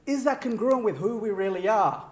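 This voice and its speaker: A man giving a keynote speech to a live audience, animated, shifting his pitch and pace for effect and laughing often. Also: moderate pace, roomy sound. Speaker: keynote speaker. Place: large venue with audience.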